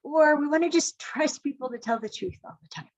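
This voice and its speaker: A woman hosting a live relationship Q&A, telling a personal story in a chatty, animated way with asides to viewers. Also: high voice, fairly quick, dry recording. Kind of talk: casual live-stream storytelling. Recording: dull lo-fi stream audio.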